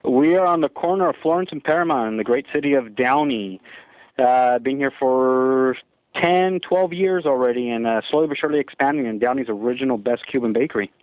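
A man who owns a restaurant, speaking as a guest on a radio show in a relaxed, friendly way with some hesitations. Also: mid-range voice, fairly quick, no echo, dull audio. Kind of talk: casual phone-in radio interview.

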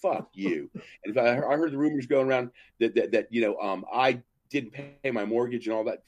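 A man's voice: mid-range voice, a little fast, darkish tone, dry recording. Rambling male podcast host, dry sound. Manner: rambling anecdotes with acted-out quotes and asides. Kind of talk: casual storytelling on a live podcast.

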